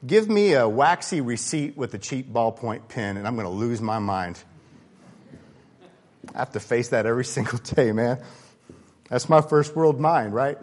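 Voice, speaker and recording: A man preaching a sermon in a conversational, candid way, swinging between loud emphasis and quiet asides. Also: mid-range voice, lively intonation, moderate pace, long pauses. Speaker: pastor.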